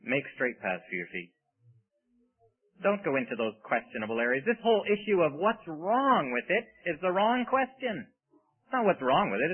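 Male preacher, emphatic sermon with rhetorical questions, a very animated pitch, tinny radio sound. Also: brisk, husky.

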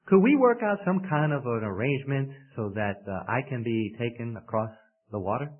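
A man's voice: medium pitch, animated, moderate pace, lightly acted. A man voicing a scheming male scorpion in a spoken fable, coaxing and persuasive, heard over a tinny radio broadcast.

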